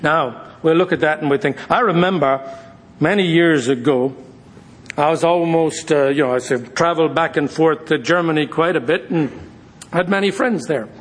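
High-voiced animated Bible teacher, a man. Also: normal speed. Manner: animated, jokey, addresses listeners as guys. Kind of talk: informal sermon with storytelling.

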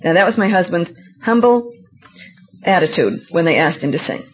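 Middle-aged woman, seminar speaker, animated storytelling, emphatic, self-mocking, dull lo-fi sound. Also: lowish voice, quick pace, slight background noise. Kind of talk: lecture with personal anecdotes. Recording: dull lo-fi recording.

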